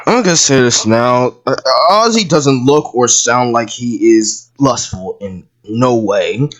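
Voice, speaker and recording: A video commentator ranting through a show review, breaking into yelled outbursts, stammering repeats and frequent swearing. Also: medium pitch, animated, slow. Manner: profane and exasperated.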